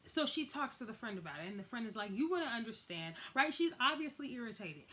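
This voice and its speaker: Young woman w/ an aave lilt gabbing about a tv episode, kinda high voice, says "like" a lot. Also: quick pace. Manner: chatty, animated, heavy use of "like", acts out quotes. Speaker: TV recap host. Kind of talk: casual episode recap.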